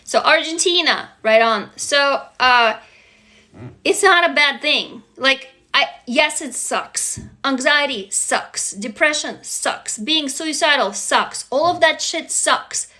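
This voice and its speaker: Bright, chatty woman from Russia. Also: sits high, slow pace. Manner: chatty, frank, swears, answers viewer comments. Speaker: livestream host. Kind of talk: casual livestream chat.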